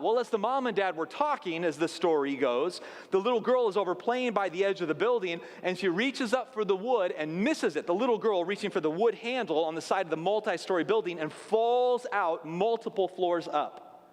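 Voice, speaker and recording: High-voiced pastor in an echoing hall. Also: male voice, expressive, normal speed. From South Dakota. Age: late 30s. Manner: conversational storytelling with asides to the congregation. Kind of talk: sermon. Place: church sanctuary. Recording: long hall reverb.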